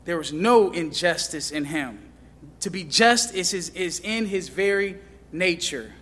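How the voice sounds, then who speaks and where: A man preaching a sermon with impassioned delivery, rising to loud questions and dropping low for emphasis. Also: animated, measured pace, big-room sound. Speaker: pastor.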